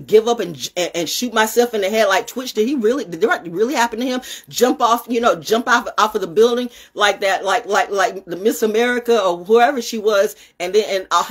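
A woman talking casually to her camera in a rambling monologue, swinging from high exclamations to low muttering and swearing freely. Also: slightly rough. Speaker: vlogger.

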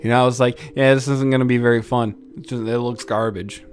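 A young man doing profane, jokey let's play commentary, swinging from mumbles to loud yells and laughs. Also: mid-range voice, steady tone, fast talker. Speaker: gaming YouTuber. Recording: game music underneath.

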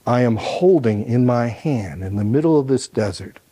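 A man performing a dramatic personal story on stage, a literacy professor who swings between loud and hushed. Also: mid-range voice, lively intonation, moderate pace, husky. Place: lecture hall stage.

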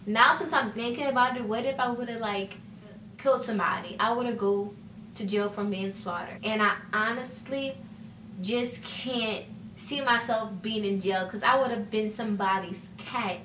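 Bright chatty young woman, roomy sound. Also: a little high, normal speed, distant mic, a little hiss or hum. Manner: chatty, fillers of "like" and "you know", acts out quoted dialogue. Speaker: vlogger. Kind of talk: casual storytime. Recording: echoey room, voice set back from mic.

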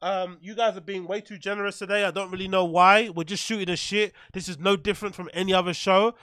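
A man reacting to clips and thanking donors on a casual live stream, animated and swearing freely. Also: sits high, quick pace, dry recording, studio quality. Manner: animated, swearing, loud shout-outs.

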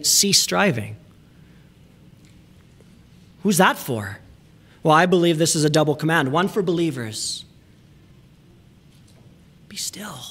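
A man pastor preaching a sermon in a church, emphatic, sometimes dropping to hushed asides and repeating words for emphasis. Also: fairly high pitch. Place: church sanctuary.

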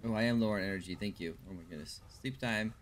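A man's voice: sits low, racing, slight background noise. A man casually commenting while he plays a video game and chats with viewers, thinking aloud as he goes. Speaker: streamer.

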